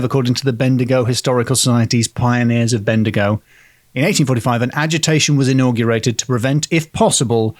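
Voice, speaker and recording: A man's voice: mid-range voice, no room sound, clean studio sound. A man hosting a comedic history podcast, joking and reading old accounts aloud. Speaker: podcast host. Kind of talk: comedic storytelling podcast chat.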